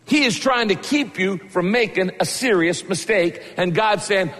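A male pastor preaching a sermon, telling the story with lively asides and acting out the characters' lines. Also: high-pitched, measured pace. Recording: long hall reverb.

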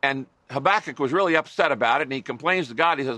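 A man's voice: mid-range voice, fast talker, sharp tone, no room sound. A middle-aged man preaching a sermon as a pastor, earnest and conversational, with wry asides to his listeners.

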